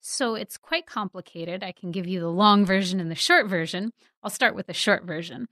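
Woman guest editor, mid pitch, clear explainer, dry studio sound. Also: moderate pace, fairly bright tone, no room sound. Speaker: news site editor. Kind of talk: explaining science news.

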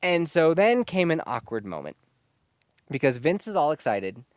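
A man's voice: on the high side, moderate pace, no echo, clean studio sound. A man telling a story in casual, profane chat, laughing as he goes. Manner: profane, laughing, animated retelling.

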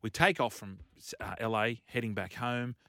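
Animated man telling a story. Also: lowish voice, normal speed, no room sound. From Australia. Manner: animated storyteller, laughing often. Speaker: radio host. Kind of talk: casual chat. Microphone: studio microphone.

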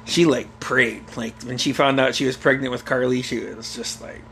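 A young man telling a family story in casual chat, swearing freely and bursting into loud acted-out quotes and laughter. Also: mid-range voice, moderate pace, a little hiss or hum. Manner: animated storyteller, swears a lot, acts out quotes loudly with laughter.

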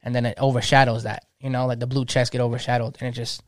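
A man's voice: mid-range voice, little pitch movement, fast talker, no room sound, studio quality. A man in his thirties, a DJ, talking passionately in casual slang and restarting his sentences often. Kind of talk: casual podcast chat.

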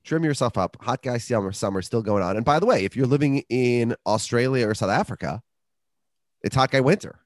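A podcast co-host with a mid-range voice talks a little fast, joking and rambling through a casual ad read and some sports chat in a lively way. The recording is dry and studio quality.

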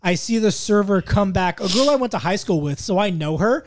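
A man in his twenties on a podcast, telling animated stories with lots of laughing and swearing. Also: high-pitched, fairly quick, slight background noise. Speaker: podcast co-host. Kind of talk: casual chat, storytelling.

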